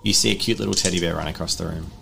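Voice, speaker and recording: A young man running a tabletop game as game master, narrating the scenes in a casual, quick way with frequent giggles. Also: sits low, steady tone, creaky, over music.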